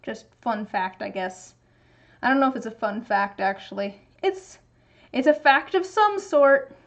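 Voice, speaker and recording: A fairly high-voiced woman with a light Pacific Northwest American accent chats casually on a stream, wandering from thought to thought and often restarting her sentences. The sound is a bit dull and lo-fi. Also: lively intonation, unhurried. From Pacific Northwest, USA. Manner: chatty, rambling, many restarts. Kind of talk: casual chat while crafting.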